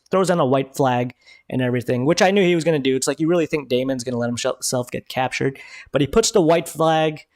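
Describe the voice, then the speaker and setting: A man hosting a live review stream, talking excitedly in casual commentary and swearing freely. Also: medium pitch, no echo, clean studio sound.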